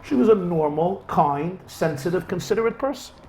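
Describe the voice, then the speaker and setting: A male rabbi giving a storytelling lecture to a class, and his voice rises and falls a great deal as he acts out the dialogue. His voice sits somewhat high for a man. Faint background noise runs under the talk. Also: normal speed. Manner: animated, acts out quoted dialogue. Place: lecture hall with a live audience.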